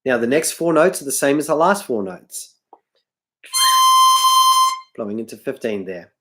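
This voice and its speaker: A man's voice: mid-range voice, expressive, unhurried, loud music behind the voice. A man teaching harmonica on a livestream, tired and losing his voice, rambling and correcting himself often, with harmonica playing behind him. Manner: rambling, self-correcting, apologetic. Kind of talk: livestream music tutorial.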